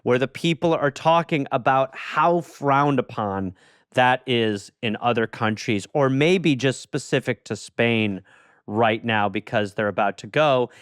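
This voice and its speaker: A man co-hosting a comedy advice podcast, riffing quickly and giving advice to a caller. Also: mid-range voice, smooth, dry recording, studio quality. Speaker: podcast co-host. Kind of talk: comedic casual chat.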